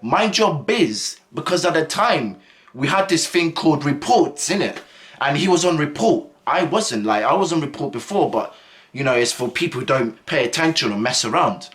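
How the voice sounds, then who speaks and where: A man's voice: medium pitch, animated, moderate pace, fairly bright tone. A young man telling a school story in a casual, rambling way full of slang and fillers. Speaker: vlogger.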